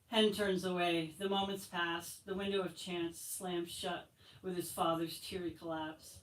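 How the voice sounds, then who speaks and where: A woman author reading her novel aloud at a bookstore event, expressive and light. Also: lowish voice, moderate pace. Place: bookstore, indoors. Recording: echoey room from far off, faint ambience.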